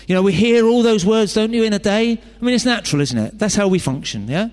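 A man's voice: sits high, lively intonation, fast, darkish tone. A man preaching a sermon, chatty and full of rhetorical questions and joking asides. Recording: long hall reverb.

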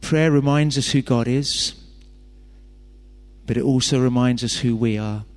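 A man's voice: mid-range voice, unhurried. A man preaching a sermon, chatty and full of rhetorical questions and joking asides. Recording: long hall reverb.

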